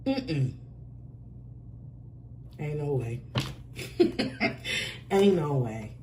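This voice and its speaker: A woman's voice: low-pitched, big pitch swings, extremely slow, heavy background noise. A woman giving a casual spoken tarot reading, blunt and profane and laughing often. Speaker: tarot reader.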